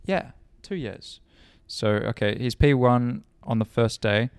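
A man's voice: mid-range voice, takes it slowly, clear, resonant tone, no room sound, studio quality. A young man and racing driver co-hosting a podcast in casual, joking banter. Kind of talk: casual chat.

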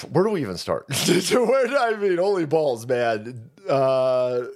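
A man's voice: sing-song, slow pace. A man hosting a political stream, ranting crudely and mocking people as he goes. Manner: crude, mocking, jumps into high mock voices.

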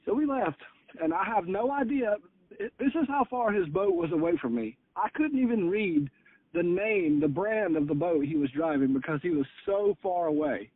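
A man's voice: high-pitched, expressive, moderate pace, breathy edge. A man, a fishing charter captain, telling a story on a podcast in a fired-up, cussing way, heard over tinny phone-like audio.

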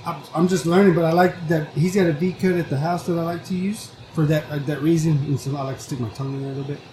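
A man's voice: a little high, fairly even intonation, fast talker, mellow. A Texan man chatting casually, joking and asking curious questions. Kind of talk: casual chat. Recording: roomy echo, clear background noise.

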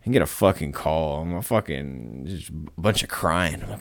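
Podcast guest: a very low-voiced man, profane and rambling, with a dry close sound. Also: moderate pace, gravelly, no echo. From United States. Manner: profane, rambling, animated storytelling. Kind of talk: casual chat.

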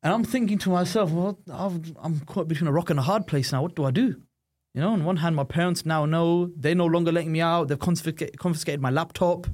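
A man's voice: on the high side, a little fast, darkish tone. A man with a British accent, a guest telling a personal story in a chatty, conversational way. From United Kingdom. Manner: chatty, frequent "you know" and "right?" asides.

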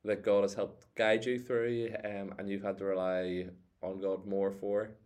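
A male host asks questions in a casual interview, his voice lowish. He pauses and fills gaps with ums as he works out what to ask. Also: little pitch movement, a little mellow. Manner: hesitant, full of ums while forming questions.

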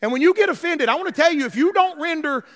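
A man's voice: very high voice, animated, fast talker, a bit bright, in a large hall. A male pastor preaching a sermon, emphatic and repetitive, calling out to his congregation. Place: church sanctuary.

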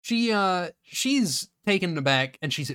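A man co-hosting a comedy podcast who recaps a movie in casual, rambling chat and slips into quick quoted voices for its characters. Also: high voice, animated, bright, forceful tone, clean tone. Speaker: podcast co-host.

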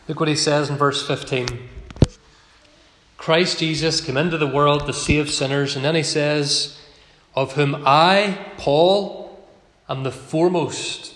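A man preaching a sermon as pastor, earnest, slowing down to stress key phrases. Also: mid-range voice, fairly bright tone. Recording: echoey hall with long reverb.

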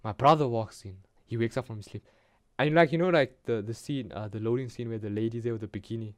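A man's voice: mid-range voice, fast talker, no echo. A young man with a South African accent, hosting a podcast and rambling through a story in casual slang over a video call. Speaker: podcast host. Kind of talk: casual chat.

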